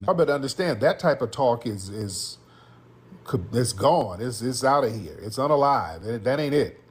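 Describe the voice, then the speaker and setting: A man's voice: mid-range voice, lively intonation, normal speed, slightly rough. A man giving political commentary in an emphatic, scolding way.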